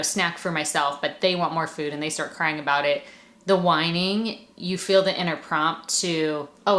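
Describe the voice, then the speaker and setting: A woman's voice: low-pitched, a bit bright. A young woman, a mother hosting her own show, talking earnestly and chattily to other moms and laughing now and then. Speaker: podcast host and mom. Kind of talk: encouraging monologue. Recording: echoey room.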